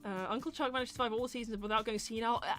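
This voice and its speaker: A woman hosting a casual live-stream Q&A, chatty and quick to laugh, turning loud and animated when indignant. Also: on the high side, soft background music. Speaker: host of a live voice-acting show.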